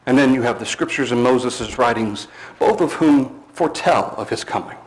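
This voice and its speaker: A man preaching a sermon, emphatic, slowing down on key words and dropping low at the end of phrases. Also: poor audio.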